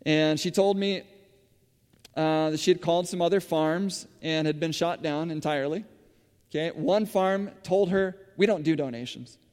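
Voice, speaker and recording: Guy preaching kinda chatty, lots of uhs, bit higher voice, long echo in a church hall. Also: fairly even intonation, measured pace, a little mellow, clean tone, faint music behind. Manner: conversational, with frequent fillers and restarts. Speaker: church speaker running a school farm. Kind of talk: sermon-style storytelling.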